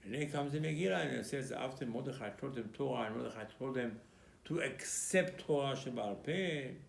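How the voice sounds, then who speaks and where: Delivering a Purim sermon as a rabbi, a man tells the story emphatically and voices the exchanges between biblical figures. His medium-pitched voice is creaky and fairly quick. The room is echoey.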